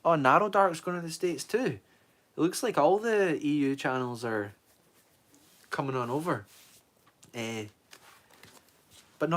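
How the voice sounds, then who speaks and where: A man's voice: mid-range voice, a bit bright. A Scottish man in his twenties, chatting casually on a livestream and rambling as he answers viewer comments. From Scotland. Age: 20s. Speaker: streamer.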